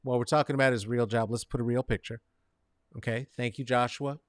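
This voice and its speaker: A man hosting a comedic commentary show, rambling and sarcastic, swinging between mumbled asides and loud outbursts and talking to viewers by name. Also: mid-range voice, fairly even intonation, fast, no room sound, clean studio sound. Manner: talks to chat viewers by name. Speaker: show host.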